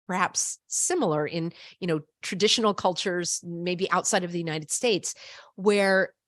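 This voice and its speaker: A woman's voice: medium pitch, no echo. An older woman telling a story to camera in an emphatic, indignant way. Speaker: vlogger.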